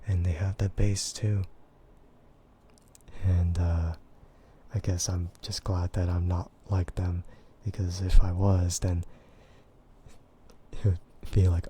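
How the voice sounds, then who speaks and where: An American man chatting in a soft, gentle ASMR voice, relaxed and hesitant with frequent giggles. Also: low voice, slow pace, pauses often, slight background noise. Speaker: VTuber streamer. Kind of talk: soft-spoken ASMR chat.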